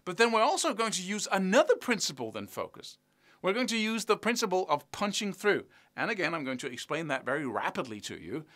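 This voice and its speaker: A man's voice: high-pitched, very animated, fairly quick, sharp tone. A man teaching a guitar lesson on video in a chatty, self-mocking way, chanting rhythms aloud as he explains.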